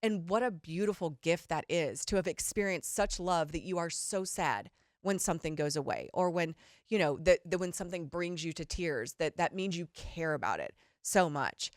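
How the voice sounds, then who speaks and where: A middle-aged woman co-hosting a podcast, talking in a candid, rambling, animated way and swearing casually. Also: on the low side, moderate pace, no echo, studio quality. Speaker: podcast co-host. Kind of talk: casual chat.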